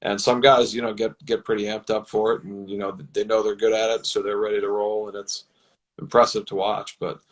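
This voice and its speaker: Low-voiced man explaining football scouting. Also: flat delivery, poor audio. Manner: measured, explanatory, with many fillers. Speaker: football personnel director, guest. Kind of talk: casual interview answers.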